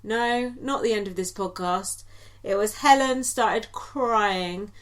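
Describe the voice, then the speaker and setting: A woman's voice: medium pitch, takes it slowly. A woman co-hosting a podcast, recapping in a casual, chatty way with lots of ums and likes and giggly asides. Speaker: podcast co-host.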